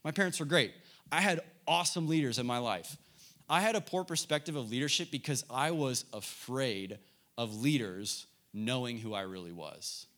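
An earnest young man preaching to a youth group, mid-range in pitch. He tells a personal story openly and directly, speaking straight to his listeners. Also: animated, normal speed, fairly bright tone. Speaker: youth pastor. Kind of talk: sermon.

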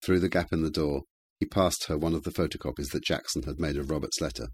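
Deep, husky male narrator. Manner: measured, even storytelling. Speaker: audiobook narrator. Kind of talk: scripted narration.

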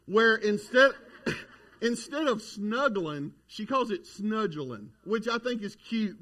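A man delivers a sermon from the pulpit. His voice sits fairly high, and he preaches in a folksy, conversational way, weaving homespun stories into the message. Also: a bit bright. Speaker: pastor.

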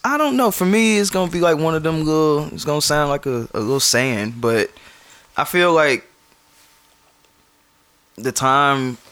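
A man's voice: fairly high pitch, unhurried, pauses often, a bit bright, smooth. Laid-back joking male podcast co-host. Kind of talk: casual chat.

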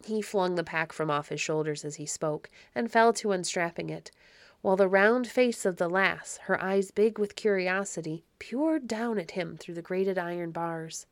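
A woman's voice: lowish voice, normal speed, no echo. Woman narrating a classic tale, dry sound. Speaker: audiobook narrator. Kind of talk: scripted narration of a classic children's novel.

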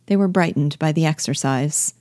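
A woman reading aloud, voicing a proud, haughty gentleman who answers curtly and coolly. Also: low voice, normal speed, dry recording, studio quality, natural voice. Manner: curt, cool, clipped replies.

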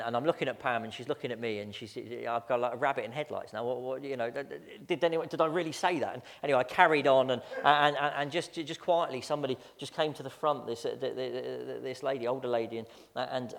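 Gravelly pastor in a reverberant church. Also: male voice, mid-range voice. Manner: chatty, self-mocking, frequent stammered repeats. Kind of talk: storytelling sermon. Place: church sanctuary. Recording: long church-hall reverb.

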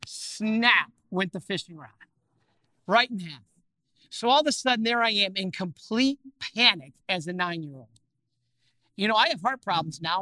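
A male preacher tells stories with lively energy and throws questions at his listeners. His voice is bright and ringing. The sound is dry and close. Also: high voice, no echo. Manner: animated, acts out scenes, asks the audience questions. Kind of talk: storytelling sermon.

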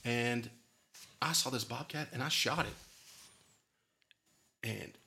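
A man's voice: medium pitch, takes it slowly, creaky, pushed and bright. Rambling, laughing man. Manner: rambling, laughs often, goes off on tangents. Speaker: podcast host. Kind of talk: casual chat.

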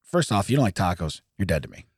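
A man's voice: low voice, very animated, slightly rough, no echo, clean studio sound. A man in his forties co-hosting a podcast, reading news items aloud and laughing often as he stumbles over the text. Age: 40s. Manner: laughs often, reads haltingly. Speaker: podcast co-host. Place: podcast studio.

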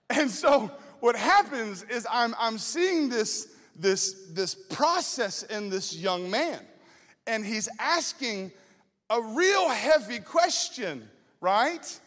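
A male student ministry pastor, preaching with animated storytelling that shifts from slow prayer to lively anecdotes. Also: extremely high pitch, in a large hall. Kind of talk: sermon with personal storytelling.

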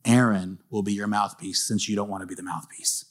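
A man voicing God as a stern, solemn male figure, speaking low and hushed in a sermon retelling. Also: steady tone, brisk, lightly acted. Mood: grave.

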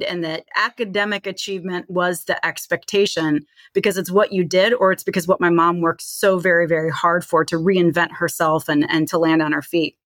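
A middle-aged woman with a Midwestern accent talks through an interview in a casual, filler-heavy way. Her voice sits a little low and the recording is dry and close, with no room sound. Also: fairly bright tone, no room sound. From Charlottesville, Virginia. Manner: chatty, many "like" and "you know" fillers. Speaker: guest, tech CEO.

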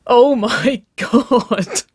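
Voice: very animated, a little slow, slightly rough, no echo, studio quality. Waverley, a squealing playful young woman, as a narrator puts her on. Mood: laughing. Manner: squealing, high and breathless when teasing.

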